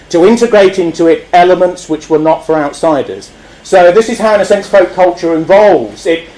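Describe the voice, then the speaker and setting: High-voiced man giving a wry lecture. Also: darkish tone, poor audio. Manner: wry, digressive, laughs often. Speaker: speaker.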